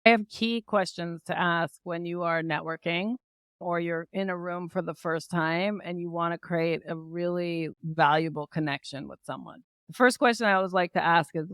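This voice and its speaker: A woman guest on a podcast, talking in an upbeat, energetic way with lots of asides like "right?" and "like". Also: fairly low pitch, normal speed, no room sound, clean studio sound. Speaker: guest entrepreneur. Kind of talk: casual podcast interview.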